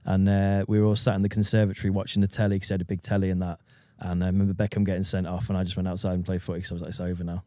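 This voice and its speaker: A man hosting a casual podcast chat, relaxed and chatty, laughing along with his guest. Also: sits low, racing, hardly any pauses, no echo, studio quality. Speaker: podcast host.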